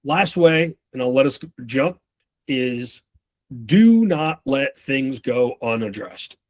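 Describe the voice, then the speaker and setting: A man's voice: medium pitch, animated, takes it slowly, darkish tone. A man in his thirties giving a casual, profanity-laced sales training talk, acting out short bits of customers and reps as he goes.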